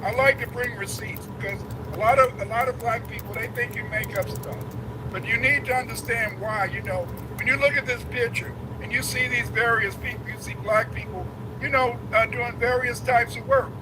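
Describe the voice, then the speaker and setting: A man giving a preachy, emphatic livestream lecture who builds to shouts. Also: very high-pitched, steady tone, moderate pace. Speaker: guest lecturer. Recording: background noise.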